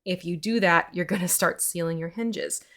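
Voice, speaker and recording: Brief: woman, lowish voice, friendly paint tutor, giggly, explains in steps. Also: moderate pace, fairly bright tone. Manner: chatty, giggly, explains step by step. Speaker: mini painting instructor. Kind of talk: casual instructional chat.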